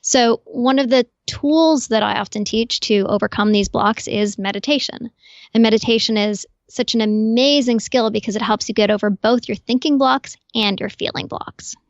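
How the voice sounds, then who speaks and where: A woman guest on a podcast, explaining calmly and clearly in an instructive way. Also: fairly high pitch, normal speed, dry recording, dull audio. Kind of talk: explanatory interview talk.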